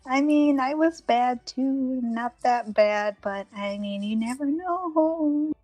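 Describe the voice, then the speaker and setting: A woman's voice: on the high side, level tone, a little mellow, dry recording, lightly acted. A woman playing a timid, nervous young cook. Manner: hesitant, nervous, halting. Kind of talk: tabletop role-play.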